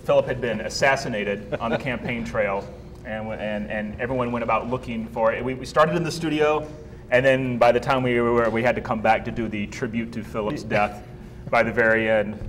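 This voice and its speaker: A man with a middle-pitched voice wanders through his stories, choosing grand, mock-formal words as he goes. A low rumble of noise sits faintly in the background. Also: steady tone, brisk, low-quality recording. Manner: rambling, wordy, mock-formal. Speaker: cast member of a comedy show. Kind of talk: casual panel chat.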